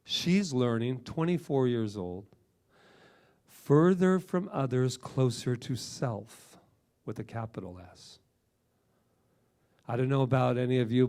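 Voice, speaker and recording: Man, middle-aged, gravelly mid-pitched voice, emphatic sermon, repeats himself. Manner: animated, emphatic preaching with repetitions and asides. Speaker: minister.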